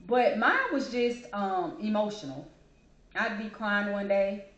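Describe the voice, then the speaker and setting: A woman shares a personal story in a casual, chatty way. She is emotional but keeps smiling and laughing as she talks. Her voice sits at a middle pitch and carries some room echo. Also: measured pace, fairly bright tone. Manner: emotional, chatty, smiles and laughs while talking. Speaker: host. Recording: echoey room.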